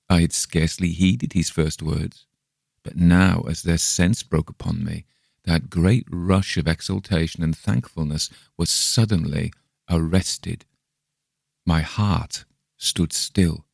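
A man reading a gothic tale aloud in the first person, measured and suspenseful, on a close microphone. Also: low voice, steady tone, gravelly, a little mellow, slightly rough, no room sound. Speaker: audiobook narrator. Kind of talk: storybook reading.

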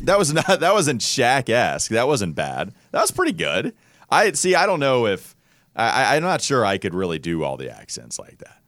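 A man from North Carolina hosting a sports podcast, talking casually in an animated, rambling way. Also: fairly low pitch, normal speed, no room sound. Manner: animated, rambling, self-interrupting. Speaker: podcast host.

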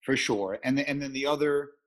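A man's voice: medium pitch, normal speed, a bit bright. A man hosting an interview, asking polite, earnest questions. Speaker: interview host.

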